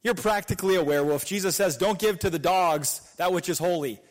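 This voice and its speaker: A young man preaching a sermon, energetic and casual, repeating rhetorical questions and dropping slang. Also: high-pitched, brisk.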